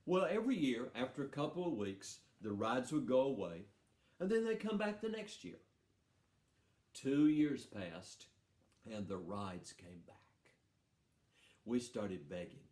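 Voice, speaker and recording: A man's voice: fairly low pitch, a little mellow. A man telling a playful, folksy story to schoolchildren at a storytelling festival. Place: festival stage. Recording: roomy hall sound.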